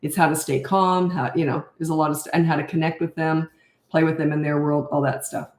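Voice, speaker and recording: Deep-voiced and brisk, an older woman delivers flat, blunt answers to parents' viewer questions, emphatically repeating what matters most. The room is echoey.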